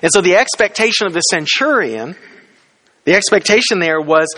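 This pastor's voice is animated, bright, and forceful, at a moderate pace. He delivers his sermon in a conversational style, putting questions to the congregation and performing quoted lines with his pitch climbing.

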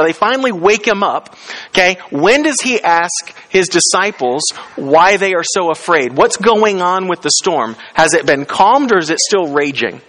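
Male pastor, chatty sermon delivery, questions the congregation, a bit higher-pitched. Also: sharp tone. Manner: conversational, asks the congregation questions; acts out quoted lines with rising pitch.

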